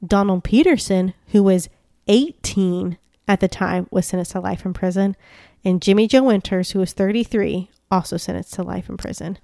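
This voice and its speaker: A woman's voice: medium pitch, moderate pace, creaky, mellow, no echo, clean studio sound. A woman co-hosting a casual true-crime podcast, retelling a story conversationally with lots of "like" and "yeah". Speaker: podcast co-host.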